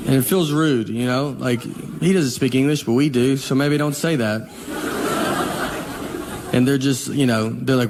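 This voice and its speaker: Deadpan guy in his 40s doing stand-up, kinda high voice, live room noise in the back. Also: brisk. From Southern US. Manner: deadpan storytelling with dry self-mocking asides. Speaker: stand-up comedian. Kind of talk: stand-up comedy set. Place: stage before a live laughing audience.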